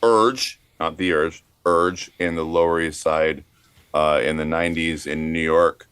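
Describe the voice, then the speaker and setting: A man co-hosting a podcast, recounting researched history with many pauses and dry quips. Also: rumbling low, monotone, fairly bright tone, clean tone, no room sound. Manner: halting, full of uh fillers, dry quips. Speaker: podcast co-host. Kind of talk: casual storytelling with research notes.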